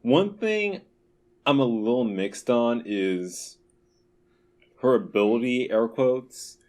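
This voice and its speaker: A young man co-hosting a casual podcast chat, animated and quick to break into loud mock voices. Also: medium pitch. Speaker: podcast co-host.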